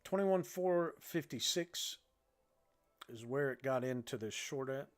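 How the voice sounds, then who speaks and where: A man's voice: mid-range voice, lively intonation, a little slow. A man from Illinois hosting a trading livestream, giving loose, joking live commentary. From Illinois, United States.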